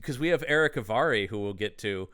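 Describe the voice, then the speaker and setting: A man co-hosting a podcast who chats casually about a film in an animated, rambling, enthusiastic way. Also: fairly low pitch, quick pace, clear, resonant tone. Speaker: podcast co-host. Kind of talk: casual film-discussion chat.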